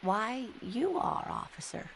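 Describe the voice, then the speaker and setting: An actress voicing a chatty, kindly older married woman in a video game, speaking gently and teasing a little. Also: a little high, big pitch swings, takes it slowly, a little hiss or hum. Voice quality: gravelly, creaky.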